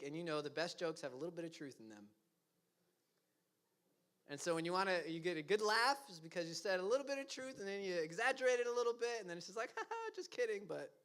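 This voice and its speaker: A man's voice: sits high, lively intonation, brisk, fairly bright tone. A young man preaching a casual, conversational sermon, laughing often and acting out quoted lines with self-deprecating asides. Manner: acts out quoted lines in funny voices. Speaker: pastor.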